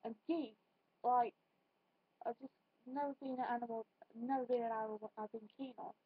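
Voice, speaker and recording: Giggly high-voiced woman vlogger. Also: fairly even intonation, normal speed, husky, dry recording, phone-quality sound. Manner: chatty, giggly, rambling with many fillers. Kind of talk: casual tag video chat.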